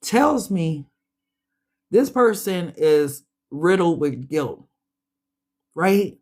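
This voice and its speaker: A woman's voice: lowish voice, animated, extremely slow, a little mellow. A woman giving a casual tarot reading, chatty and slangy, speaking straight to her listeners and sounding a bit stuffy. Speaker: tarot reader.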